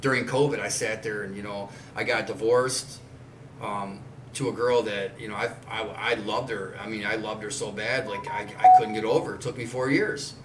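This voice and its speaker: A man's voice: lowish voice, steady tone, normal speed, very noisy. A man in his forties, hosting a podcast, talking in a blunt, rambling way and swearing often. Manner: blunt, swears a lot, loose rambling talk. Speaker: podcast host. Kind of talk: casual chat. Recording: roomy and distant with faint ambience.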